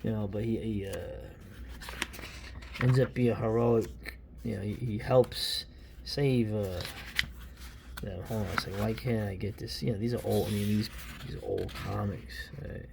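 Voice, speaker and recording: A man's voice: on the low side, fairly even intonation, moderate pace, vocal fry, noisy background. A man in his fifties from New York, giving casual, rambling and opinionated commentary while paging through an old comic. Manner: rambling, opinionated, many restarts and asides. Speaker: comic book reviewer.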